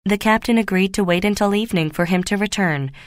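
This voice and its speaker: Woman reading an easy-reader story, steady and clear, dry sound no room. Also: medium pitch, fast, dry recording. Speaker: narrator. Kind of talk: graded reader audiobook narration.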